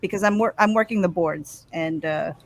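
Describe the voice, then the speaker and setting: A woman's voice: on the low side, moderate pace, a crowd in the background. A woman co-hosting a live stream, chatting casually with a teasing, bawdy manner. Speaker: stream co-host.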